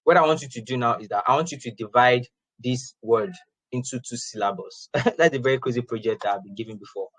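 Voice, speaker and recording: A man teaching beginners to code in a loose, conversational way. He circles back and repeats phrases as he explains, at an ordinary mid pitch. The room sound is dry and close. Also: brisk, fairly bright tone, no room sound, rough recording. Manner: chatty, repeats and restarts phrases, laughs often. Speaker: programming instructor. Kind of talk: informal classroom lecture.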